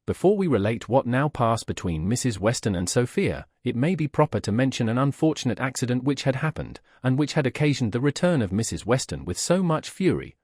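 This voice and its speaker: A man narrating a classic novel as an audiobook, expressive and measured. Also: medium pitch, no echo, clean studio sound.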